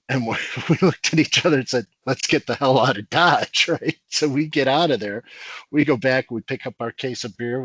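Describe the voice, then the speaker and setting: A middle-aged man with a husky, slightly rough voice spins a long tale for old friends and laughs as he talks. The sound is dry and close, with no room around it. He tells it loosely, like chat at a kitchen table. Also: medium pitch, no echo, low-quality recording. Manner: animated anecdote teller who laughs through his story. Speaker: podcast guest. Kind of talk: casual storytelling among old friends.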